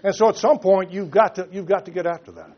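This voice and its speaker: A middle-aged man giving a public speech to an audience, emphatic, pausing often and repeating words. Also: high-pitched. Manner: emphatic with frequent pauses and repetitions. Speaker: speaker addressing an audience. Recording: dull lo-fi recording.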